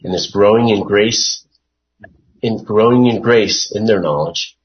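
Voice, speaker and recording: A man leading a Bible study, reading verses aloud and unpacking them at a very slow, deliberate pace. His voice sits low, and he thinks aloud, pausing on fillers and restarting phrases. The recording sounds dull and lo-fi. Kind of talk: informal Bible study teaching.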